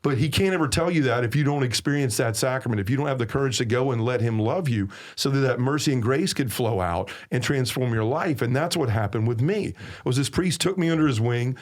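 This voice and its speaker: A man with a Southern US accent speaks earnestly, with a preacher's emphasis. His voice sits at an ordinary middle pitch as he shares his testimony as a podcast guest. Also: fairly quick, few pauses. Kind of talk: personal testimony in a podcast conversation.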